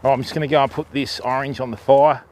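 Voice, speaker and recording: A man's voice: mid-range voice, steady tone, fast, darkish tone, slight background noise. A man with an Australian accent hosting a fishing livestream from a campsite, chatting casually with his viewers. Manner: easygoing, chatty, laid-back Aussie banter. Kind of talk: casual live chat with viewers. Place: outdoors at a riverside campsite.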